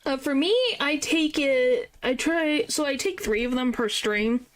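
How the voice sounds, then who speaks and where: A woman's voice: sits high, unhurried. A woman streamer chatting casually and playfully while playing a game, with mild joking swears.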